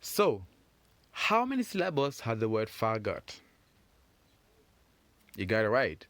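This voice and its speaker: A man teaching a French phonics lesson for children, encouraging and repeating words slowly for learners. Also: on the low side, wildly swooping pitch, fairly bright tone, no echo.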